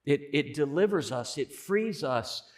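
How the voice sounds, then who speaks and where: A man preaching a sermon as pastor, conversational, swelling loud on key points. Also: on the high side, expressive, measured pace.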